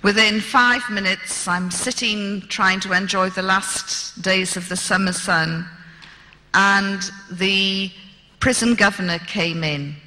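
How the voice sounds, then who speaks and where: British woman, fifties, slow and deliberate, very bright tone, storytelling lecture in a long-reverb hall. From Britain. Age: 50s. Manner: animated, acts out dialogue with raised pitch. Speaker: speaker.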